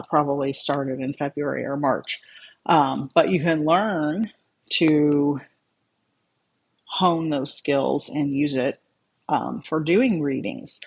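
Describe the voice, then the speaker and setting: A medium in a casual livestream chat, calmly reading out viewer comments and answering with advice. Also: mid-range voice, gravelly, breathy edge. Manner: calm, conversational, reads out viewer comments and replies.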